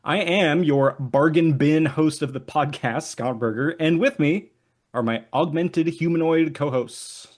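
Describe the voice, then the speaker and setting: Male podcast host, slightly high pitch, playful and hammy, chatty with fillers. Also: unhurried. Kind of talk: casual podcast chat with jokey scripted intro.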